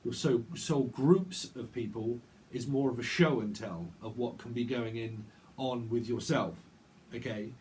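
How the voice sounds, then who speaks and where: A man giving a casual tarot reading, chatty and rambling, with quick asides. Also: medium pitch, a little mellow, a little hiss or hum. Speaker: tarot reader.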